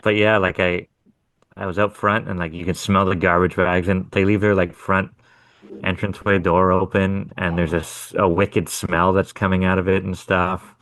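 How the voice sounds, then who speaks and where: He's a hardscape contractor co-hosting a podcast, chatting casually and profanely about his contracting work. His low-pitched voice is a bit bright with a flat delivery at a normal pace, and there's no echo.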